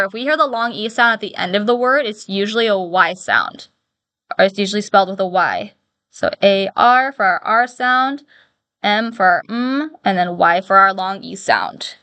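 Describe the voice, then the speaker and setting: A woman teacher giving a phonics lesson, slowly and patiently sounding out the letters of each word. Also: mid-range voice, bright, forceful tone, dry recording.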